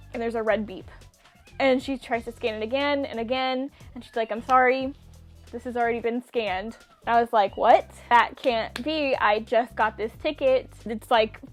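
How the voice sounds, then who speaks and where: A young woman vlogger with a voice on the high side tells a personal story casually and animatedly. She laughs often and acts out what people said.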